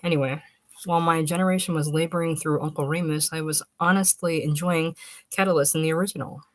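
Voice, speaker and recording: A woman's voice: deep voice, steady tone, fast, no echo, close to an everyday voice. A woman reading aloud, voicing a stiff, earnest young male scholar who lectures precisely. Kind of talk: audiobook reading.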